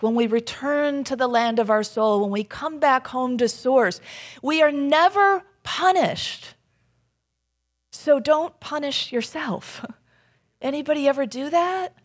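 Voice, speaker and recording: A woman giving a conversational sermon, storytelling and asking the audience questions. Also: on the high side.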